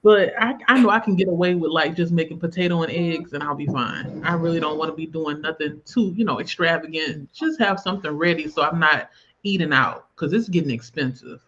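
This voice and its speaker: A woman's voice: sits low, fairly quick, a bit bright, muffled recording, a little hiss or hum. A woman hosting a casual livestream, chatting loosely and laughing often as she talks to a guest. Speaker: livestream host. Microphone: video call.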